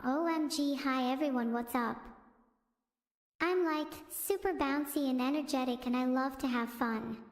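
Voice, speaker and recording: A synthetic-sounding woman's voice playing a bouncy, energetic young woman streamer, speaking in an excited, bubbly way. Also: sits high, unhurried. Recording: echoey room with long reverb.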